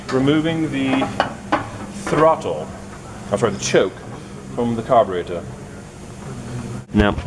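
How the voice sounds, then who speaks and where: A middle-aged man walking through a car repair in his home garage, coaching a kid step by step. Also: medium pitch. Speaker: host of a garage video. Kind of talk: casual workshop narration. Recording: noisy garage recording.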